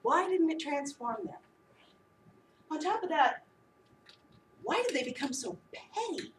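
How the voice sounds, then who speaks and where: A woman preacher giving a sermon, animated and humorous as she acts out the disciples. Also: high voice, a little slow, background noise. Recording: echoey room, voice from a distance.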